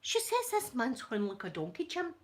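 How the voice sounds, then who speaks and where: A woman's voice: a little high, huge pitch swings, moderate pace, breathy edge, pitched above the performer's own voice, exaggerated voice. A Scottish woman voicing her own chatty mother, raising her voice for the part. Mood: shocked. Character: shocked chatty older mother, higher voice.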